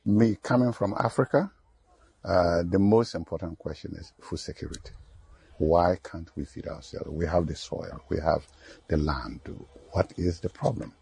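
Deep, gravelly man in a news interview. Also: normal speed, mellow. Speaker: scientist interviewed. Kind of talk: interview soundbite.

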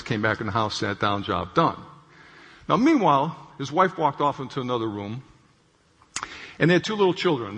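A man with a slightly husky, fairly high voice explains stress and the brain in an easy, conversational way. He keeps checking in with his listeners as he goes. His voice carries a long hall reverb. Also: fairly bright tone. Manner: conversational, repeats points and checks in with "okay?". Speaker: clinician speaking on stress. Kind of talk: explanatory talk with acted anecdote.

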